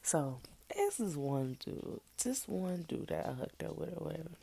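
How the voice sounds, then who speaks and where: A woman telling a casual story in slangy, animated talk, with sudden loud outbursts. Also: deep voice, normal speed, vocal fry, breathy edge.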